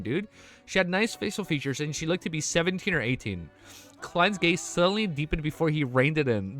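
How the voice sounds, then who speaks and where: A man's voice: high-pitched, fairly bright tone. A young man streaming, reading a novel aloud and reacting with emotional, swearing asides.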